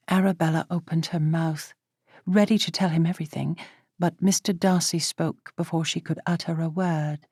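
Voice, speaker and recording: A woman narrating a period romance audiobook in a measured storytelling manner. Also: low voice, steady tone, a little mellow, husky, dry recording, studio quality. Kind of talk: scripted narration.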